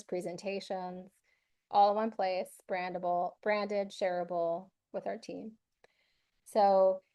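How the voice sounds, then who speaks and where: A woman's voice: medium pitch, darkish tone. A woman giving an instructional webinar presentation in an upbeat, conversational way, with frequent filler words.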